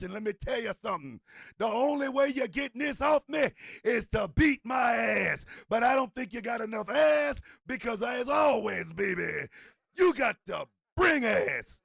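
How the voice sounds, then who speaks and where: A man playing a boastful, trash-talking villain in a shouted wrestling-style promo. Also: very high voice, vocal fry, husky, no echo, voice pushed up, full character voice. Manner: shouted swaggering promo, taunting rivals. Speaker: host.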